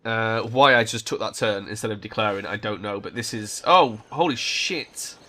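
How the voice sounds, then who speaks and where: A man's voice: fairly low pitch, normal speed, pushed and bright, a little hiss or hum. A man hosting a strategy game let's play, casually thinking aloud and swearing now and then. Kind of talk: gameplay commentary.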